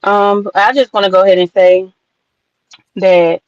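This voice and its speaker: A livestream host speaking slowly and deliberately, addressing viewers. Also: female voice, mid-range voice, level tone, dry recording. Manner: slow, deliberate, addressing chat. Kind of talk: casual livestream talk. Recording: dry, dull lo-fi sound.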